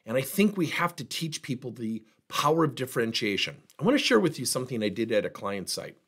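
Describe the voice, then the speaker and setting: A middle-aged man gives a motivational training talk to employees in a husky voice. His pitch rises and falls widely as he acts out the people in his stories. He delivers it as an energetic workplace speaker. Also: brisk. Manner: animated storyteller, plays out dialogue.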